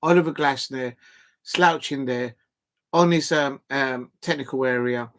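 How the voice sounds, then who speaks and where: A man hosting a live football watch-along, ranting in an animated, exasperated way and often restarting his sentences. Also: mid-range voice, measured pace. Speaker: football fan live-stream host. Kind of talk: casual watch-along commentary.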